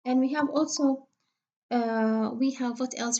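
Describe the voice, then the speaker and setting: Woman, pronunciation teacher, fairly high voice, patient, repeats words slowly. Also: steady tone, dark tone. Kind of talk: recorded phonetics lecture.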